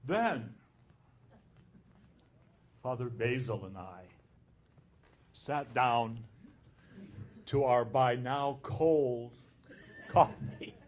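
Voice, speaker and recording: Male abbot at a conference who tells his story very slowly and recounts each line of dialogue. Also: mid-range voice.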